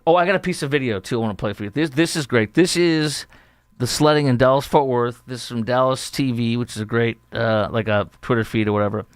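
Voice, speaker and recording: A man's voice: medium pitch, brisk, dry recording. A middle-aged man from the Chicago area hosting a podcast, talking through news stories in a chatty, storytelling way. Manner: chatty, animated storytelling with acted-out quotes. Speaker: podcast host. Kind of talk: opinion talk show monologue.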